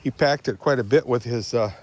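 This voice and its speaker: An older man from Michigan rambling in a casual vlog while walking around his property outdoors, often clearing his throat and drifting into asides. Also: mid-range voice, fairly quick, a little mellow. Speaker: vlogger.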